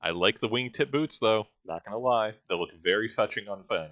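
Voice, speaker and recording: A man's voice: on the low side, lively intonation, brisk, a bit bright, no echo. A man hosting a let's-play, giving sardonic, jokey and rambling commentary. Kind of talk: casual gameplay commentary.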